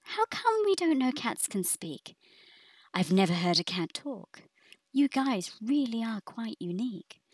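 A woman's voice: a little high, sing-song, measured pace, darkish tone, husky, no echo, voice pushed up, full character voice, poor audio. A woman voicing a puzzled, wondering old homeless man in a storybook poem.

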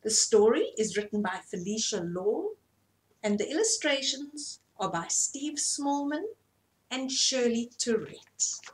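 An older woman reading a bedtime story aloud to children, gently explaining the pictures. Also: a little high, big pitch swings, a little slow.

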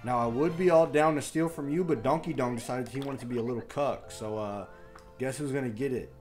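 A young man giving crude live commentary on a party video game, muttering complaints under his breath, then yelling and trash-talking the computer players. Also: mid-range voice, fairly quick, faint music behind. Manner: crude trash talk, swinging from mumbled grumbling to yelling. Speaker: gaming YouTuber.

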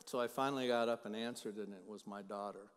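Man, middle-aged pastor, sermon, loud then hushed, long church reverb. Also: fairly low pitch, steady tone, fast talker, smooth. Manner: swings from loud emphatic preaching to quiet storytelling. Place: church sanctuary.

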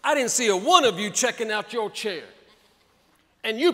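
A male pastor preaching a sermon in a fiery, folksy way, building up to shouts. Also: high-pitched, lively intonation, moderate pace. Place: large church hall. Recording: reverberant church hall.

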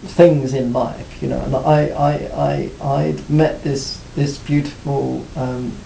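A man being interviewed about his music career, talking reflectively with many pauses and restarts. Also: little pitch movement, creaky, dark tone. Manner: hesitant, many restarts and "you know". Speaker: interviewee, former band cellist. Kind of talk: reflective casual interview talk. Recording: roomy, faint rumble.

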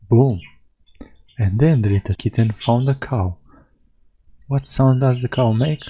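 A gaming host from Europe plays through a video game, reading its text aloud and playfully imitating the characters. He has a mellow, mid-range voice at a moderate pace, and the audio quality is poor.

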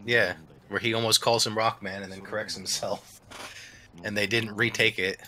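A man with a very bright, sharp tone, talking in loose, rambling casual chat. He circles back on himself and leans on "like" as he goes. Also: fairly low pitch, fairly even intonation, normal speed. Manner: rambling, many restarts and "like". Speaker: let's play commentator.

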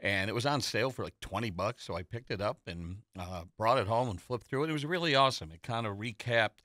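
A man's voice: lowish voice, fast, bright, forceful tone, dry recording. A man hosting a casual studio talk show, telling stories in a rambling, nostalgic way with plenty of fillers. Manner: chatty, nostalgic storyteller with many fillers. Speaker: host. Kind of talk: casual chat. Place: local TV studio. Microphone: studio microphone.

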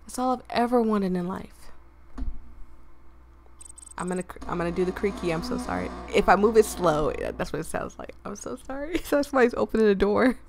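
A woman hosting a gaming video, chatting to her viewers and reading a dating game aloud, slightly hoarse, laughing and clearing her throat as she goes. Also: mid-range voice, expressive, brisk, darkish tone.

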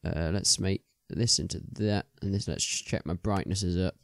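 A man's voice: low voice, steady tone, normal speed, gravelly, no echo, clean studio sound. A young man chatting casually as he plays a game, rambling with many ums and restarts. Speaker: gaming video host.

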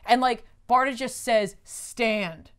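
A woman co-host chats casually through a comic recap, animated and full of "like". Her voice sits a bit high for a woman. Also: brisk. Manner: animated storyteller, filler "like". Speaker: podcast co-host.

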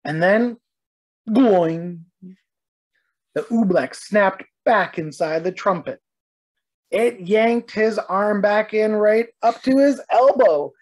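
A woman, an early childhood educator, reading a children's storybook aloud with expressive narration. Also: mid-range voice, takes it slowly, long pauses.

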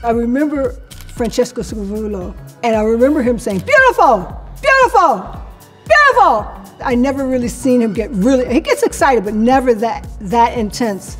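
A woman in her sixties recounting her life story, with a fairly high voice and faint music underneath. She tells it animatedly, slipping into the voices of the people she remembers. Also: brisk, warm tone. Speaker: interviewee recounting her career. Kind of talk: personal storytelling to camera.

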